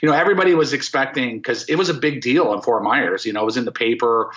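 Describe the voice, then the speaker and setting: A man in his fifties from Florida, a former rock bassist, telling stories as a podcast guest in an excited, rambling way with many fillers and restarts. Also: quick pace. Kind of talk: casual storytelling interview. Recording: dull lo-fi podcast audio.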